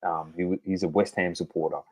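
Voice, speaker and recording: A man co-hosting a sports podcast, talking football in blunt, sweary, animated banter. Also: low-pitched, a little fast. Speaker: podcast co-host. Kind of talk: casual sports chat.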